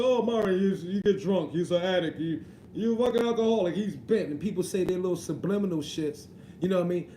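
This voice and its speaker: A man's voice: sits high, warm tone, roomy sound, a little hiss or hum, poor audio. A man, hosting a casual live stream, reading chat messages and joking around with a slangy, easygoing way of talking. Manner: joking, slangy, repeats "you know what I mean". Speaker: livestream host reading chat.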